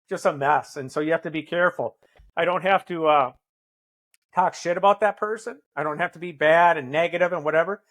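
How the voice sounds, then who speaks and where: A man's voice: on the high side, a bit bright. A man talking as a podcast guest, blunt and earnest, swearing often in candid conversation. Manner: earnest, intense.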